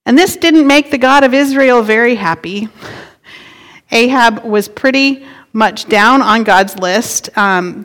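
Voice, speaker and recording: A woman's voice: on the high side, a bit bright. A woman pastor giving a sermon in a conversational way, playing with word emphasis. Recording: long hall reverb.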